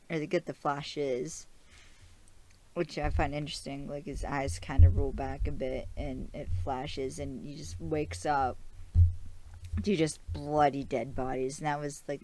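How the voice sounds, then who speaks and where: A young woman with a low voice talks through a TV episode at an unhurried pace. She rambles casually, fills her speech with fillers and laughs often, like a podcast host chatting with her audience. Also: darkish tone.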